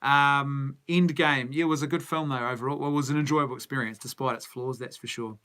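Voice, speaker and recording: This movie news host, a middle-aged New Zealander, chats casually on his live stream and muses while responding to viewers' comments. He speaks briskly in a mid-range voice that is steady, bright, forceful and clean.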